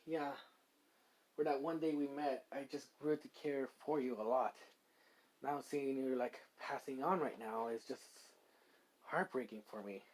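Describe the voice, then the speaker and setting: A man's voice: medium pitch, a little slow, natural voice. A man voicing a kind young man reborn as a slime, caring and easily flustered, who talks hesitantly with stammers and fillers. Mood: tender.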